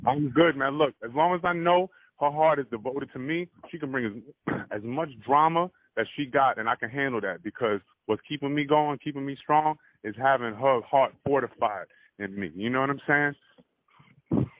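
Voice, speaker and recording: A man's voice: medium pitch, moderate pace, no room sound. Earnest male, casual chat, tinny phone-like audio, very dry sound. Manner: earnest, devoted, keeps saying "you know what I'm saying".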